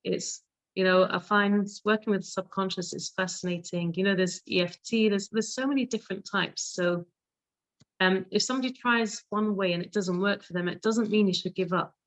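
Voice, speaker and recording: A woman's voice: medium pitch, fairly even intonation, normal speed, no echo. A woman with a London accent, a hypnotherapist speaking as a guest in a casual interview, emphatic and affirming.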